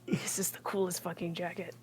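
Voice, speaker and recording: A woman playing in a casual tabletop game, blunt and deadpan, swearing casually. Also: fairly low pitch, brisk, noisy background. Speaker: player.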